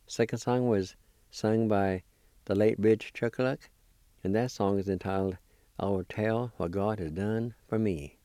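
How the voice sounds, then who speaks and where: Slow, deep-voiced man teaching spelling. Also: steady tone, mellow, no echo, clean studio sound. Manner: slow, deliberate, spells letter by letter. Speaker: language teacher. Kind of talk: spelling and pronunciation lesson.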